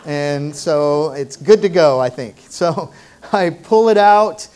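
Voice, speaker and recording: A man's voice: fairly high pitch, lively intonation, slow, darkish tone. A man leading a prayer and then telling a humorous personal story in a sermon. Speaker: pastor.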